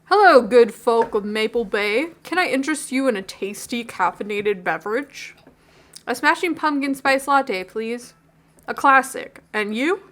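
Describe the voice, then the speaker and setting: A laid-back young male skater barista with a slow, drawling, showy delivery, as a woman puts him on. The tone stays bright and forward, with a pitch a little above the usual for a man. He hams it up in a cartoonish dating-game way. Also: animated.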